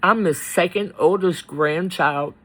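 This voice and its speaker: A man talking in a personal vlog, halting and choked up, pausing often between words. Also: sits high, fairly bright tone, low-quality recording. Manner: slow, halting, with many pauses and fillers. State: tearful, choked up. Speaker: faith vlogger.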